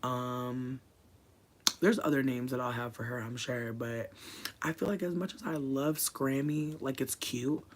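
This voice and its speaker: A livestreamer chatting casually from a room at home, rambling and swearing, swinging between quiet mutters and loud bursts. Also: mid-range voice, steady tone, measured pace.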